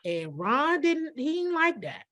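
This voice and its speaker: Female sports commentator guest, casual and lively, a bit high-pitched. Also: unhurried. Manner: lively storyteller, animated quoting.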